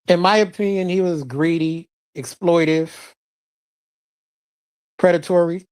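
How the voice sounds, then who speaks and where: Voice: mid-range voice, fairly even intonation, slow, long pauses, darkish tone, smooth, no room sound. A live-stream host in casual chat, reading out viewer comments and giving blunt opinions between laughs.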